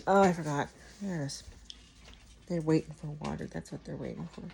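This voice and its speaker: A woman's voice: low-pitched, a little slow, creaky, pauses often, slight background noise, low-quality recording. A middle-aged woman chatting casually at home in a morning vlog, rambling and laughing often. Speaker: vlogger.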